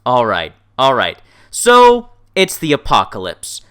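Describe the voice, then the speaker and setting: A man hosting a casual interview, jokey and excitable, laughing often. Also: medium pitch, takes it slowly, smooth. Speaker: interview host.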